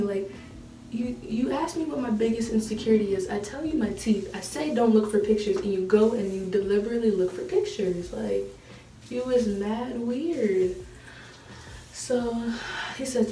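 A woman's voice: mid-range voice, unhurried, warm tone. A woman in her late teens telling a story to camera in a chatty, exasperated way, recorded in an echoey room with the mic a little far off. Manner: chatty, laughing, exasperated retelling. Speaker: vlogger. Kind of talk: casual storytime.

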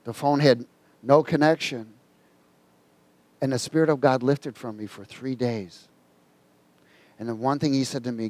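A man preaching a sermon, telling a personal story in a folksy, colloquial way and reading scripture slowly and emphatically. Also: mid-range voice, darkish tone, no room sound.

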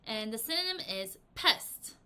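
A bright, fairly high-pitched woman teaching English vocabulary to young learners. She explains each word, then acts out the example sentences with lively little voices. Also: unhurried, clear, resonant tone. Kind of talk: vocabulary lesson for children. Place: language academy in Korea.

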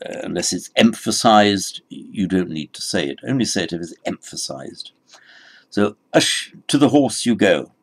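A man's voice: deep voice, gravelly. A man teaching a Sanskrit lesson, explaining patiently and correcting himself as he goes. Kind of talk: recorded language lesson.

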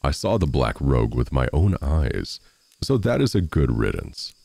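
Blustery greedy miller, a man doing the voice, pitched up from a dark low voice, dry sound. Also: very animated, moderate pace, vocal fry, dry recording, full character voice. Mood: eager. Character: hungry, greedy, curious male miller.

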